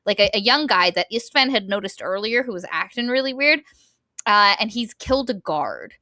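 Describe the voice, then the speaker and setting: A woman talks through a novel's plot in a lively, chatty way and quotes the characters in quick bursts. Her voice is bright and forward, recorded close and dry with no room sound. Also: medium pitch, no echo. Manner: animated plot recap, acting out characters' lines. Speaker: podcast co-host. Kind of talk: casual book discussion.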